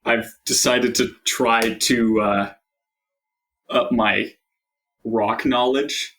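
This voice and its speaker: A man's voice: mid-range voice, fairly even intonation, drawn-out words, a bit bright, a little hiss or hum. A man playing a tabletop game, describing his character's scene thoughtfully. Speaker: player. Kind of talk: tabletop role-play.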